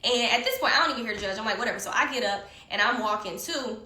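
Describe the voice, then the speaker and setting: A woman telling a story in casual conversation, animated and heated, swearing often, recorded in an echoey room. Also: fairly high pitch, quick pace. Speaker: guest storyteller.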